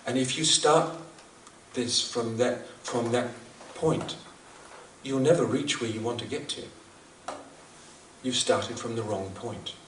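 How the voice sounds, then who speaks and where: A man's voice: medium pitch, slow, pauses often, fairly bright tone. A man giving a reflective spiritual talk at a devotional gathering, speaking earnestly and thoughtfully with frequent restarts and repeated phrases. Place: large hall at a celebration. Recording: echoey hall, voice from far off, faint noise.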